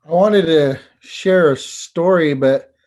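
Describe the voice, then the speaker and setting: A man, a teacher and storyteller, telling a folk tale over a video call in an unhurried, halting way. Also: on the high side, darkish tone. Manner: unhurried, halting, repeats words. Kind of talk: oral storytelling.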